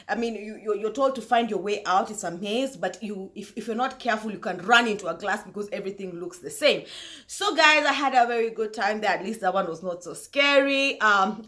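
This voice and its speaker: Woman, bright, casual vlog storytelling, laughs often. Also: medium pitch. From Kenya. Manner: animated, laughs often, addresses viewers as guys. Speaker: talk show host.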